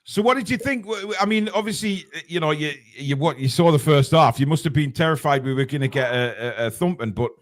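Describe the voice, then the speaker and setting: A man hosting a casual football fan chat, halting and stammering on repeated restarts. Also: fairly high pitch, lively intonation. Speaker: host.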